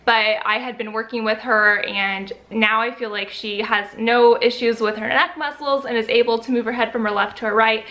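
A woman's voice: fairly high pitch, steady tone, moderate pace, hardly any pauses, bright, forceful tone. A young woman and first-time mom chatting casually to her vlog audience, full of fillers, at times emotional. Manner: chatty, lots of fillers, gets emotional and teary. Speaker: vlogger.

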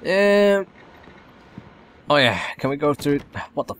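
A man's voice: a little high, lively intonation, takes it slowly, a bit bright, smooth. A man giving casual, rambling commentary while playing a video game, with wry asides. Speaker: let's play host.

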